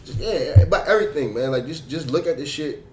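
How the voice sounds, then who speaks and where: A man in a casual group chat, loud and profane, ranting and laughing with friends. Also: a little high, lively intonation, brisk. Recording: echoey room, mic from a distance, chatter behind.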